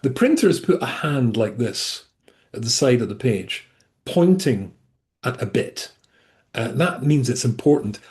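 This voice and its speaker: A man teaching a Torah class over a video call, his pitch rising and falling a lot as he talks. He wanders into asides and restarts his sentences, always animated. His voice sits at an ordinary middle pitch for a man.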